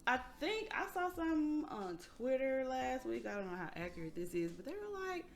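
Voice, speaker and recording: A young woman hosting a casual podcast, telling stories in a lively, slangy way and laughing often. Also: sits high, brisk, faint music behind. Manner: animated storytelling, frequent laughter, slangy. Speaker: podcast host.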